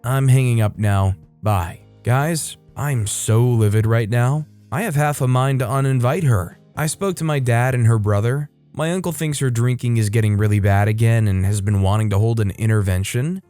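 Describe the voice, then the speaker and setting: A man giving scripted narration of online stories in an even, conversational reading. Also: medium pitch, normal speed, few pauses, smooth. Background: faint background music.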